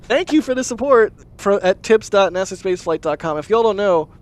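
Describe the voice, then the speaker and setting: A man's voice: sits high, animated, fairly quick. Chatty man hosting a livestream. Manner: chatty, laughs often, thanks supporters warmly. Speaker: livestream host. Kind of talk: casual livestream chat.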